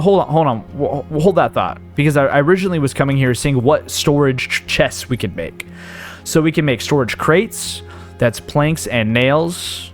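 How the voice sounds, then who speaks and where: A man hosting a gaming video, rambling and thinking aloud as he sorts through his inventory, with a case of the hiccups. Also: medium pitch. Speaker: gaming channel host. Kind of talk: casual let's play commentary.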